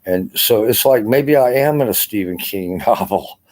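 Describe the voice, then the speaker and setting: Tired low-voiced older man rambling. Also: animated, moderate pace, darkish tone. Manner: rambling, profane, full of "you know" fillers. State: exhausted. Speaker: army veteran vlogger. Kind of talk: casual rambling vlog monologue. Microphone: camera.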